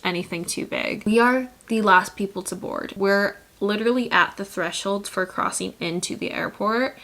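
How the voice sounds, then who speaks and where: A woman's voice: mid-range voice, moderate pace, fairly bright tone. Chatty woman telling a travel story. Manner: chatty, heavy use of "like", acts out quoted people. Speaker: vlogger. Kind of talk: casual storytelling to camera.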